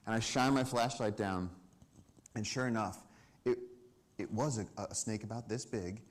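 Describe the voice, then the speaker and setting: A man giving a storytelling talk about wildlife on a summit stage to a live audience, animated and acting out the people he quotes. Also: fairly low pitch, moderate pace. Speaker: conservation speaker.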